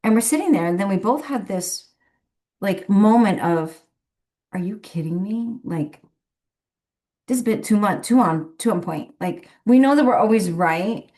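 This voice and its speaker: A woman's voice: medium pitch, lively intonation, moderate pace, mellow. A woman who works as a medium, telling a rambling story in a casual, chatty way and laughing often between phrases. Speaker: professional medium.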